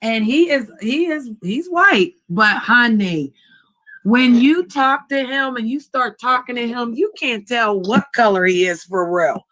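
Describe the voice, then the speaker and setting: A woman with an African American English accent, hosting a casual livestream chat, loud and laughing, swearing freely. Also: a little high, expressive, unhurried, rough recording. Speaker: livestream host.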